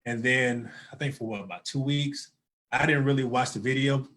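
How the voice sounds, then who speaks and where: A man from Florida speaks as a guest. He talks in a relaxed, conversational way at a middling pitch, repeating his phrases as he goes. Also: moderate pace.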